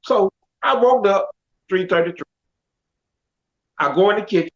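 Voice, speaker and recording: A middle-aged man tells his life story in a high, lively voice and acts out the lines of the people in it. The recording sounds dull and lo-fi. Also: normal speed. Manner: animated, quotes others in dialogue. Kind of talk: casual storytelling. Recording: dull lo-fi audio.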